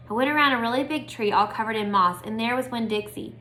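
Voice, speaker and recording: A woman reads a children's book aloud in a casual, friendly way. Her voice is bright and slightly high. She breaks in now and then with chatty asides. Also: fast, a little hiss or hum. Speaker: storybook reader. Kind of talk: casual read-aloud storytelling.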